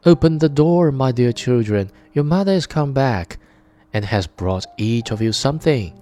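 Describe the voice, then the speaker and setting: A man's voice: medium pitch, animated, moderate pace, warm tone, pitched above the performer's own voice, lightly acted. A man voicing a cunning, hungry male wolf who coaxes and threatens, reading a fairy tale aloud. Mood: coaxing.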